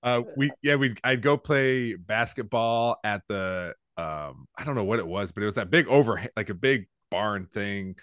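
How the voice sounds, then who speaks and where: A man's voice: fairly low pitch, expressive, normal speed, hardly any pauses, fairly bright tone, no room sound, studio quality. A man in his thirties hosting a casual interview, asking eager, rambling questions. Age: 30s. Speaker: podcast host.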